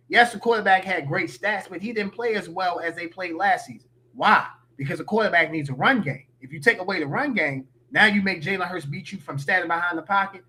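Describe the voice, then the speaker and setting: A man's voice: a little high, sharp tone. A man giving opinionated, slangy sports talk as a podcast guest.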